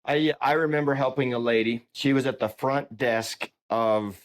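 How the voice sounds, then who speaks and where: A man's voice: mid-range voice, moderate pace. Male podcast host, casual storyteller, loose delivery full of restarts. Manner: rambling storyteller with many restarts. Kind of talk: casual interview conversation.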